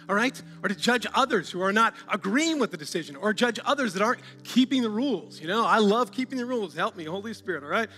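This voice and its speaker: A male pastor with a high, bright, ringing voice preaches to his church, urging and calling out to the congregation and breaking into laughs. His voice carries a long reverb from a large hall, with faint music underneath. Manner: exhorting, calls out to the congregation, laughs often. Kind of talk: sermon.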